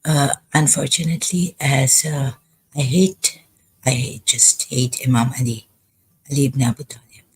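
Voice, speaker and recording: Husky, halting woman streamer. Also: very deep voice, steady tone. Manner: halting, hesitant, full of pauses. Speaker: live streamer. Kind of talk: rambling livestream monologue.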